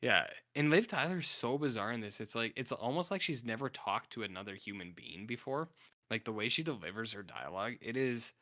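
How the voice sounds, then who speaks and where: Bright-voiced man rambling through a movie recap. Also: mid-range voice, animated, a little fast. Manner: rambling, heavy on "like", acts out scenes while recapping a film. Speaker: podcast co-host. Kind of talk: casual podcast chat.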